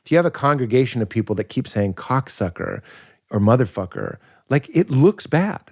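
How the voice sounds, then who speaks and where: A man, a comedian and podcast guest, talking casually in an animated, riffing way and laughing at his own points. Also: mid-range voice, a little fast, gravelly.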